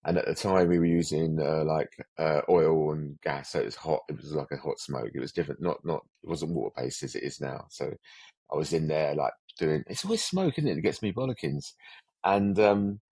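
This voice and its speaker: A man's voice: a bass voice, steady tone, moderate pace, gravelly, darkish tone, no echo. An older man, a special effects veteran rambling through anecdotes as a podcast guest, often restarting sentences. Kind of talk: casual podcast interview.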